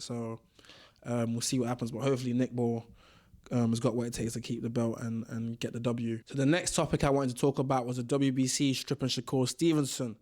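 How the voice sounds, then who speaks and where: A man's voice: mid-range voice, warm tone. A young man giving casual boxing commentary, slangy and ranting, often repeating himself. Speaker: boxing vlogger.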